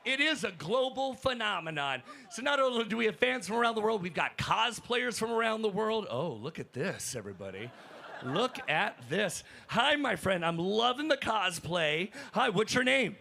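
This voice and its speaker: A man working as a roving hype host on a crowded convention floor, energetic and calling out to fans. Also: sits high, moderate pace, gravelly, hardly any pauses, slight background noise. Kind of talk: live event hosting.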